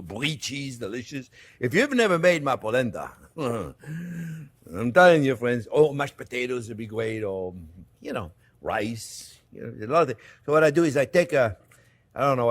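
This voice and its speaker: A man's voice: medium pitch, expressive, moderate pace, no room sound. A man, a chef giving a casual cooking demonstration in his kitchen. He keeps calling his viewers "friends" and laughs easily. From France. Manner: chatty, repeats "friends" often, laughs easily.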